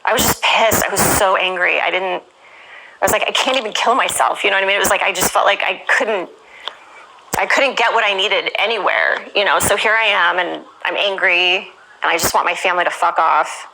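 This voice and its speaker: A woman's voice: mid-range voice, fairly even intonation, fairly quick, creaky, bright, forceful tone, a little hiss or hum, poor audio. A woman being interviewed, frankly recounting her own past in a conversational way, with many "you know"s. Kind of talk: candid personal testimony.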